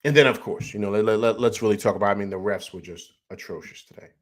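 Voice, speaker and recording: A man's voice: lowish voice, fast. A man hosting a postgame sports show, upset after a loss, ranting in a heated, rambling way with many repeated words and restarts. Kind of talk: emotional postgame sports rant.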